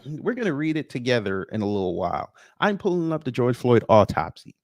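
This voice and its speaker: A man's voice: medium pitch, big pitch swings, a little fast, a little mellow, dry recording, clean studio sound. A man hosting a livestream, reading viewer names and commenting with a sarcastic, mocking edge. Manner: sarcastic, greets chat viewers by name. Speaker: livestream host.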